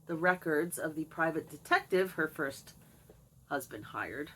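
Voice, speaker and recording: Middle-aged woman, lowish voice, chatty and wry, candid storytelling to camera. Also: animated, a little slow, a bit bright, a little hiss or hum, rough recording. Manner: chatty, wry, talks to her cat between stories. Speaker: video blogger.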